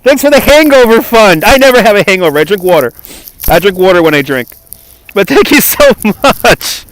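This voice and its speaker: A man with a fairly high voice hosts a live stream outdoors, speaking into a phone on a gimbal. He chats loosely and laughs often as he thanks viewers by name. The sound is dry and close. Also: animated, a little fast, a bit bright, no echo. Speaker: livestream host. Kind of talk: live walking stream chat. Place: outdoors on a cold waterfront.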